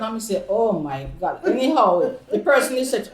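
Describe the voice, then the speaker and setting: A Jamaican woman in her fifties, interviewed for an oral history in a community centre room, tells personal stories, laughing frequently and drifting into patois. She speaks a little fast in a mid-range voice with lively intonation, and the room echoes.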